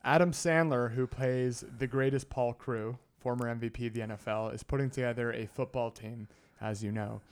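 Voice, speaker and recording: A man's voice: medium pitch, normal speed, few pauses, clean tone. A man with an ordinary mid-range voice co-hosts a casual sports betting podcast. He tells stories with energy and acts out scenes from movies. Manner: storytelling, animated retellings of movie scenes. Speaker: podcast co-host.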